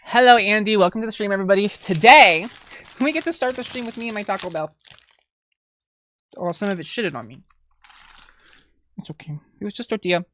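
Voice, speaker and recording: A young woman chatting casually and swearing a lot while eating on a live stream, close to a desk mic, breaking into laughs and loud outbursts. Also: mid-range voice, expressive, a little fast, long pauses, a little hiss or hum.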